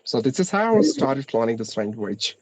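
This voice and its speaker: A man with a mixed Indian, American and British English accent, speaking in a measured, explanatory way with frequent pauses and restarts in a casual conversation. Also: medium pitch, huge pitch swings, a little mellow, husky, dry recording, rough recording.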